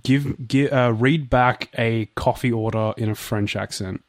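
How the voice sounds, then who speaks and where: A man's voice: mid-range voice, fairly even intonation, unhurried, no room sound, studio quality. A young Australian man co-hosting a podcast, talking in a laid-back, wry way with casual swearing. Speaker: podcast co-host. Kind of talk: casual chat.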